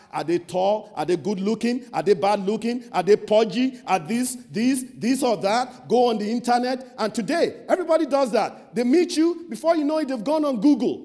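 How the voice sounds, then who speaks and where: A man preaching a sermon in a church meeting, dramatic and emphatic, dropping low to act out gossipers and rising loud to exhort.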